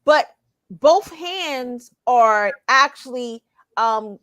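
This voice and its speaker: A woman with a Southern US accent explaining a topic in a halting way, with many fillers and restarts. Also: on the high side, lively intonation, a bit bright. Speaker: guest presenter. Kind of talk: casual explanatory talk.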